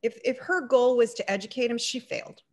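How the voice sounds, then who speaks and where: A woman on a video-call panel recounts a personal encounter, her voice a touch high. She tells it vividly, slipping into the voices of the people in the story as she goes. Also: fast talker. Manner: animated storyteller who acts out the dialogue.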